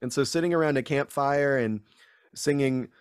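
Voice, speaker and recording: A young man recounts stories as an interview guest in a playful, self-deprecating way, often restarting his sentences. His voice sits in a middle pitch. The sound is dry and close, with no room echo. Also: normal speed, clear, resonant tone. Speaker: actor and writer, interview guest. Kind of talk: casual interview chat.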